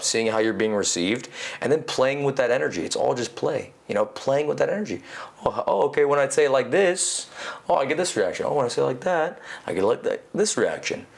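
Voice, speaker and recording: A man talking as a podcast guest in casual conversation, animated and swearing casually, peppering his talk with "you know". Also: mid-range voice, creaky. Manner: animated, acts out quoted inner voices.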